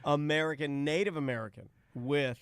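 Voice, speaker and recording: A man co-hosting a podcast in casual chat, tossing in wry quips and quick agreements. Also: fairly high pitch, clear, resonant tone, no room sound, studio quality. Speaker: podcast co-host.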